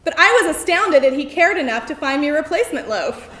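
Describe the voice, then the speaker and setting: A woman telling a personal story on stage, in a wry, self-mocking and animated manner. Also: high-pitched, quick pace, a crowd in the background. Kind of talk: live personal storytelling performance. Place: theater stage before an audience. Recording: roomy venue echo, faint noise.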